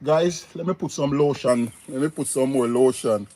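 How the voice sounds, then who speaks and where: A man's voice: mid-range voice, normal speed, mellow. A man talking casually and animatedly on a live stream, repeating himself and greeting viewers in the chat.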